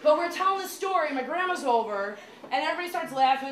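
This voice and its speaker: High-voiced woman comic in an echoey club. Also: brisk. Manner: chatty, animated, many "like" fillers. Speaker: stand-up comedian. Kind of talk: stand-up storytelling. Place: small comedy club. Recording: echoey club room with crowd noise.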